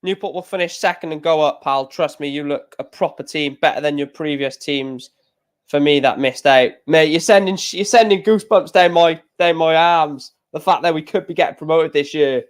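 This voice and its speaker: A high-pitched man calls the darts scores in a casual live reaction stream. He rambles between throws, restarting sentences, and gets excitable as he talks about his football club. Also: normal speed.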